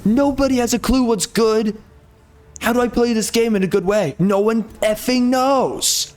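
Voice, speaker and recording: A man with a high, light voice talks through a strategy game in casual gameplay commentary, getting worked up and venting. He rants in frustration and sprinkles in mild curses. Game music plays faintly underneath. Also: moderate pace, darkish tone. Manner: frustrated ranting, frequent mild cursing. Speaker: gaming video creator.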